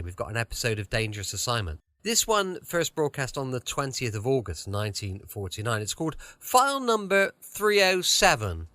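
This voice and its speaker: A man's voice: mid-range voice, big pitch swings, moderate pace, few pauses, sharp tone, no echo, clean studio sound. A man hosting a podcast from home in a chatty, rambling way, with a slight lisp from a sore tongue. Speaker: podcast host. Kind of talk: casual podcast introduction.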